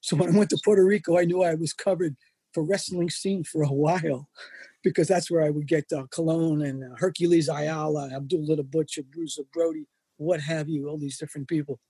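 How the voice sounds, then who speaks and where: A man's voice: on the high side, fairly quick, husky, no echo. An older man telling wrestling-road stories as an interview guest, acting out the voices of the people in his anecdotes. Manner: animated anecdotes, acts out quoted voices. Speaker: wrestling photographer and magazine editor. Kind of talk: storytelling in an interview.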